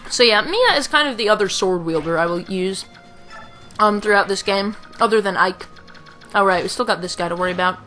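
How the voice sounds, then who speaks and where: Young woman, game commentary, casual, rambling, bright voice, faint game music. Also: mid-range voice, brisk. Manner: casual, rambling, with filler sounds. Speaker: let's play host.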